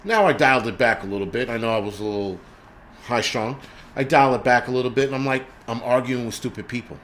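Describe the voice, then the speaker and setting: A man's voice: medium pitch, fast, fairly bright tone, a little hiss or hum. Blunt, profane man ranting on a livestream. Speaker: livestream host. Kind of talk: casual livestream rant.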